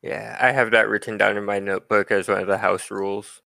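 A man's voice: on the low side, little pitch movement, brisk, creaky, bright, forceful tone, no echo. A man running a tabletop game over an online voice call, laid-back with laughing asides. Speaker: game master.

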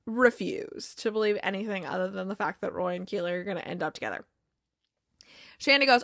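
Woman, casual recap host, animated storytelling, slightly high voice, dry close recording. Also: no room sound. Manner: animated retelling with quick quoted dialogue and laughs. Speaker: podcast host recapping a TV episode.

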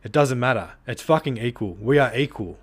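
A male podcast host speaking alone to his listeners, worked up and blunt. He swears freely and fills his pauses with "um" and "you know." His voice sits at an ordinary middle pitch. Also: animated, breathy edge. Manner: heated, swears often, many fillers. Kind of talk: solo podcast monologue.

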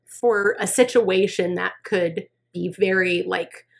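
A woman hosting an interview, a quiet and affirming listener who answers with soft agreeing murmurs. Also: fairly low pitch, fairly even intonation, slow pace, creaky. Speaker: podcast host. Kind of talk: conversational interview.

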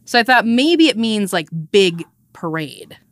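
A woman's voice: mid-range voice, big pitch swings, unhurried, no echo, studio quality. A woman co-hosting a podcast, chatting casually and teasing her friend, often restarting her sentences. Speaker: podcast co-host. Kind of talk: casual chat.

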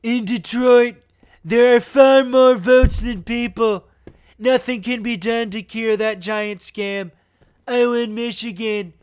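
Brief: an amateur's loud, drawn-out, boastful old politician, rough impression. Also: medium pitch, fairly even intonation, lightly acted. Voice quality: loud, drawn-out, self-admittedly poor impression. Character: blustering older male politician, boastful and crude.

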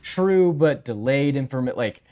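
A man's voice: mid-range voice, measured pace, highs cut off. Casual man telling a history story. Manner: relaxed storytelling with many fillers and "yeah"s. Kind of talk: casual podcast chat.

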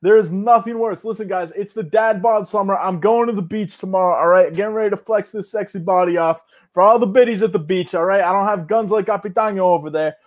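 A high-pitched young man hams up an ad read on a casual podcast. He is loud and playful, joking with his co-host between the lines. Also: fast talker, hardly any pauses. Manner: loud, hyped, jokey. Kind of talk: casual podcast banter with ad reads.

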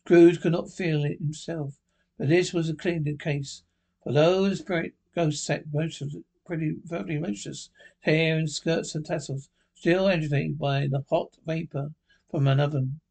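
A man reading a classic story aloud, with halting slips and restarts. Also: a little high, steady tone, gravelly, a little mellow, husky. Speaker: narrator.

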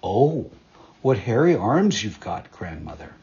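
A trusting little girl speaks in a lifted, breathy voice, as a man reads her. She sounds innocent and wide-eyed. The recording is muffled and lo-fi. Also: on the low side, sing-song, a little slow, mellow, heavily acted. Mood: wondering.

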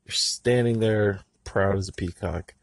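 Gravelly man ranting sarcastically. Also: on the low side, a little slow, no room sound. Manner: angry, sarcastic, profane. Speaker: podcaster. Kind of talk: profane ranting monologue.

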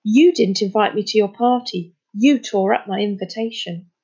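A woman's voice: mid-range voice, normal speed, slightly rough. A woman voicing a young boy who turns bold and insistent as he begs for help, on a dull lo-fi recording. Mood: determined. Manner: pleading, forceful.

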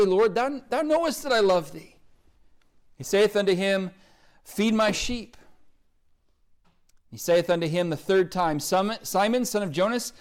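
A man with an Oklahoma accent delivers a sermon in a fairly high voice. He speaks earnestly, pleading with his listeners and reading scripture aloud. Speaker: pastor.

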